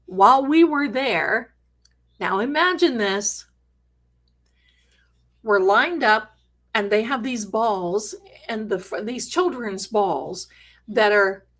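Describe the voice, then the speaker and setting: Middle-aged lady telling a spooky story live, slow and unhurried, lots of jokes and restarts. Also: medium pitch, a bit bright. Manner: chatty, dramatic, jokey asides, many restarts. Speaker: host. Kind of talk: animated storytelling on a live stream.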